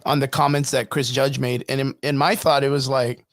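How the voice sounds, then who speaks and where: A man's voice: mid-range voice, level tone, fairly quick, gravelly, no room sound, clean studio sound. A man co-hosting a live stream chat in an easygoing, agreeable way. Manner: easygoing, agreeable, laughs often. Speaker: co-host. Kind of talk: casual chat.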